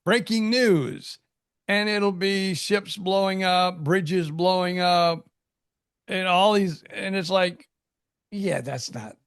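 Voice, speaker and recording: Podcast guy, kinda high voice, lots of gravel, trips over his words, dry sound. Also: no room sound. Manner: halting, repeats words, animated storytelling. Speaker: podcast co-host. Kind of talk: casual chat.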